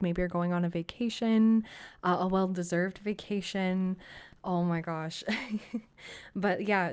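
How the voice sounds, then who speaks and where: An effusive woman reads tarot cards for her viewers in a relaxed, chatty way. Her voice sits a little lower than most women's. She keeps reassuring the listener and breaks into quick exclamations as she goes. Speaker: tarot reader. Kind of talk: casual tarot reading to camera.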